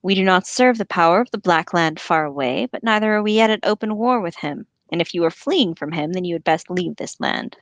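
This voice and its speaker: A woman voicing a wary male horse-lord captain, formal, measured, somewhat low, dry sound. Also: animated, no room sound.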